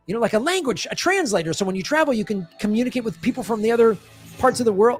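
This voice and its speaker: A man's voice: extremely high pitch, animated, quick pace, husky, faint music behind. A man, a stand-up comedian, ranting in sarcastic, heated political commentary. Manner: sarcastic, heated, acts out mocking quotes.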